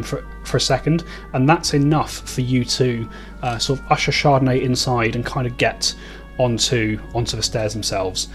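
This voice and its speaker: Male game master, mid pitch, rambling scene descriptions. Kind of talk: narrating a tabletop game.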